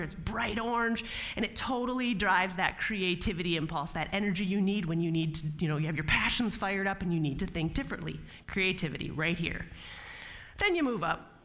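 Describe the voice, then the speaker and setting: A woman giving a spiritual talk to a live audience in a meeting hall, playful and animated, acting out little mock dialogues. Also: mid-range voice. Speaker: guest speaker.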